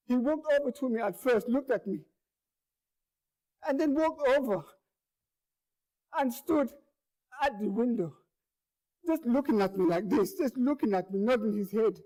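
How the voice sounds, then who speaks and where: A man delivers his first-person monologue earnestly, speaking a little slowly with frequent pauses in a very high-pitched, animated voice. Tension builds as he repeats words and phrases and raises his volume.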